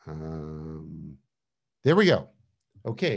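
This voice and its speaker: A man's voice: sits low, big pitch swings, normal speed, vocal fry, a little mellow, breathy edge. A man giving a casual online lecture over a video call, chatty, with many fillers and restarts.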